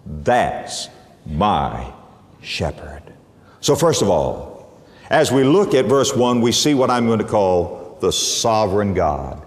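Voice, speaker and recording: A man preaching a sermon, dropping to hushed low tones and rising for emphasis. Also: a little slow. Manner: lively, dramatic swings from soft low tones to high emphasis. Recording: echoey hall reverb.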